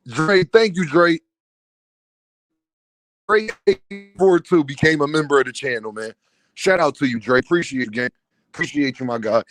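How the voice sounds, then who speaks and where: A man's voice: fairly high pitch, normal speed, long pauses, fairly bright tone, faint music behind. A man hosting a boxing live stream in casual, slangy talk, laughing often, mocking, and talking to his chat. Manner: laughs a lot, mocking, repeats a running catchphrase.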